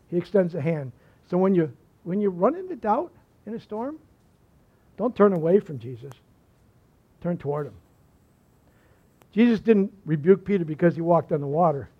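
A man with a high voice delivers a sermon as a pastor, pressing hard on key phrases and then dropping almost to a murmur. The recording sounds dull and lo-fi, with the top end muffled. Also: expressive, moderate pace, pauses often, breathy edge. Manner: emphatic preaching, dropping to hushed lines.

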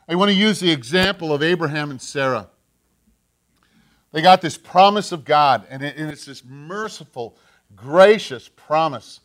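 A male pastor preaching a sermon, animated, acting out the voices he quotes. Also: medium pitch, a little slow.

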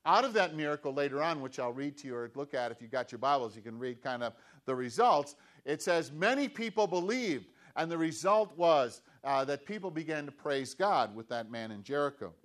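A man's voice: fairly high pitch, lively intonation, brisk, few pauses, a bit bright. A man preaching a sermon in a conversational way, with restarts and emphatic, repeated questions. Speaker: pastor.

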